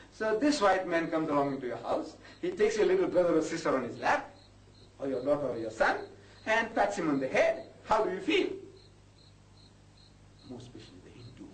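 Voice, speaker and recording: A man's voice: a little high, wildly swooping pitch, normal speed. An older man, lecturing an audience as a Muslim preacher, impassioned and rising to indignant outbursts. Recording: echoey hall, distant mic, faint noise.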